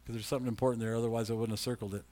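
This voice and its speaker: A pastor preaching in a conversational way, reading scripture aloud and rising to loud emphasis. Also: male voice, medium pitch, level tone, very fast. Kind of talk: sermon.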